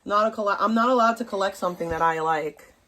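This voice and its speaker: A woman's voice: mid-range voice, quick pace, pushed and bright. A woman, ranting bluntly and profanely to her stream chat. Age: 30s. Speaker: livestream host. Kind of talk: casual rant to stream chat.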